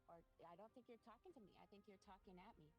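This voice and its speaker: A woman talking hesitantly on a stream, with many fillers and pauses. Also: mid-range voice, music in the background. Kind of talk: casual stream chat.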